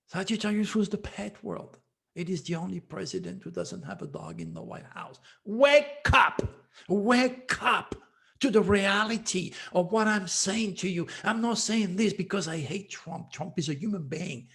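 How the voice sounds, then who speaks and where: A man's voice: sits high, very animated, normal speed, gravelly. A man hosting his own channel as an astrologer, speaking in an emphatic, repetitive monologue that scolds his listeners.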